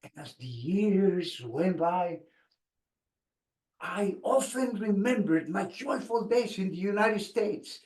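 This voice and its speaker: A man, giving an expressive motivational speech with dramatic pauses. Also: high voice. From Mexico. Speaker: speaker. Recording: echoey room.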